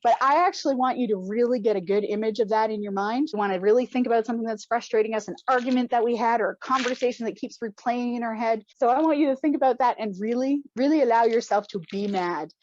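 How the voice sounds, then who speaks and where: High-voiced playful woman coaching an exercise. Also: fast talker, hardly any pauses, muffled recording. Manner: playful and encouraging, laughs often, bursts into loud cheers and shouts. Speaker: coach leading a stress-release exercise. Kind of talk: guided group exercise instruction.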